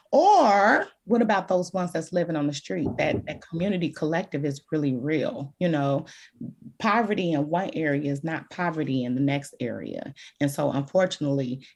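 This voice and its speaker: A woman speaks as a podcast guest expert, frank and emphatic as she tells her own story. Her voice sits low, with a gravelly, husky grain. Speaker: guest expert on childhood trauma. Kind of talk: candid podcast conversation.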